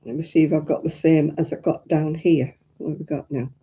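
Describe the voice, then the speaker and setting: A woman's voice: deep voice, fairly even intonation, a little fast, warm tone. A woman chatting casually and homely to her live-stream viewers as she crochets, rambling and yawning often. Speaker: craft live-stream host.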